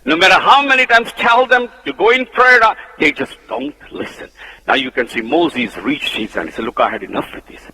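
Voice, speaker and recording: High bright-voiced Punjabi-accented male preacher. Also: animated, normal speed, breathy edge. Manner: emphatic, swinging between loud preaching and soft low asides. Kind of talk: sermon. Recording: long hall reverb.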